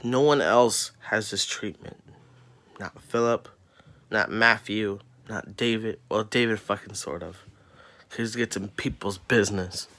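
A man's voice: on the low side, measured pace, a bit bright. A teenage boy ranting about classmates in an angry, profane vlog, swearing constantly and sounding exasperated. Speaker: student venting on camera.

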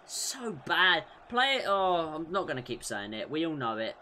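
A young man with a high, bright voice, calling his football game as he plays. He yells when his side scores and grumbles low and fast when things go wrong. A faint hum sits behind him. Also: very animated. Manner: swings between loud shouted celebration and muttered frustration. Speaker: gaming YouTuber. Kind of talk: excitable gameplay commentary.

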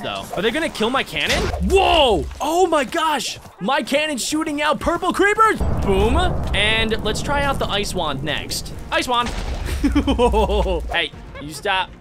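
A young man commenting on a Minecraft game as a gaming YouTuber, excitable and jokey, with sudden high yelps. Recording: game music playing clearly behind.

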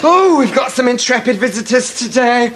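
An actor playing a camp, chirpy ex-navy orderly serving tea, theatrical and gossipy, in a sitcom. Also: male voice, extremely high pitch, lively intonation, moderate pace, very noisy. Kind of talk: 1990s TV sitcom acting.

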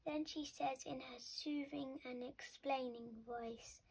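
Breathy, slow woman reading a children's story. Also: sits high, poor audio. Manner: expressive, sometimes dropping to a whisper. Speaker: storybook reader. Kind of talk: children's story read-aloud.

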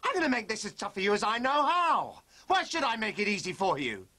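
A bitter, sarcastic husband. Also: male voice, high-pitched, wildly swooping pitch, a little fast, sharp tone, full character voice.

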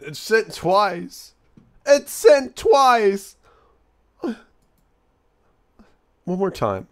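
A man's voice: lowish voice, creaky, a little mellow, pitched below the performer's own voice, full character voice. A man voicing a hot-headed male echidna brawler during a game stream, sounding exasperated and strained. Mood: weary. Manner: exasperated, keeps exclaiming. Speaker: streamer playing a game in character.

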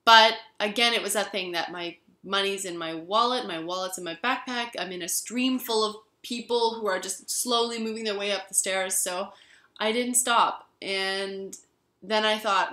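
A woman's voice: medium pitch, normal speed, pushed and bright. A woman vlogger telling a story and musing aloud, with many "you know"s, in an echoey room. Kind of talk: reflective storytelling vlog.

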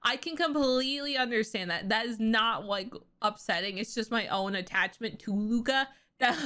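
A woman's voice: a little high, normal speed, a bit bright. A young woman reacting to a cartoon episode on her vlog, emotional and thinking aloud, laughing through her upset. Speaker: reaction vlogger.

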